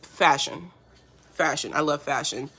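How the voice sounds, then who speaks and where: A bright-toned woman hosting a live makeup stream from home. She is chatty and easily touched as she answers viewers' comments. Her voice comes through a phone's front camera, close and personal. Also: deep voice, a little slow, husky. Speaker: beauty livestream host. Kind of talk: casual livestream chat while doing makeup.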